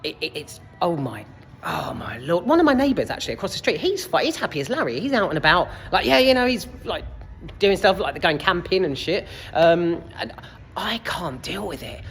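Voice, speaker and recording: A man's voice: high voice, big pitch swings, fairly quick, gravelly, a bit bright. A young man ranting casually about a film and the heat, sweary, exasperated and rambling, filmed in a cinema foyer. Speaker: film reviewer. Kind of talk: casual vlog rant. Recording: reverberant foyer, faint background noise.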